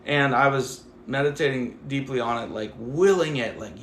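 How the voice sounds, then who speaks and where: Gravelly man chatting on a livestream. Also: medium pitch, normal speed, echoey room, slight background noise. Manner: animated, rambling, affectionate, full of "like". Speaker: livestream host. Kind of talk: casual livestream chat to viewers.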